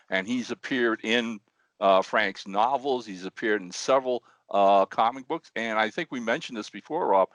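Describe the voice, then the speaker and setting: A man co-hosting a podcast in casual chat, an animated storyteller who often restarts his words. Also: lowish voice, dry recording. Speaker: podcast co-host.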